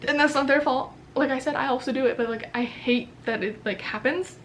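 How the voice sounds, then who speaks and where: Young american woman, early twenties, higher-pitched voice, rambling casual vlog chat, lots of "like", faint hum behind. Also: brisk, fairly bright tone. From United States. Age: early 20s. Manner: rambling, filler-heavy, candid, swears. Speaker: vlogger.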